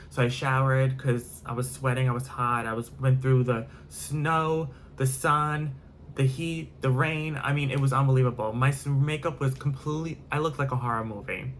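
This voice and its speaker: A man's voice: medium pitch, steady tone, moderate pace, a little hiss or hum. A man telling a storytime vlog in a rambling way, full of fillers and repetition, with casual swearing. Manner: rambling, filler-heavy, repeats himself, swears. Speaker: vlogger.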